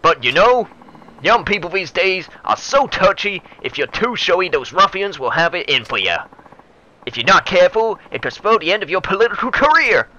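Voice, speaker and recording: A man voicing a folksy, boisterous older male politician in a put-on Texan accent, loud and drawling. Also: high-pitched, big pitch swings, moderate pace, voice pushed up, exaggerated voice. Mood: hearty. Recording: dull lo-fi with faint noise.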